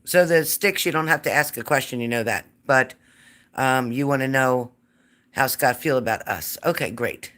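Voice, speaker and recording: A woman's voice: a bass voice, moderate pace, a bit bright. A woman hosting a live psychic reading stream, chatting casually and greeting viewers by name.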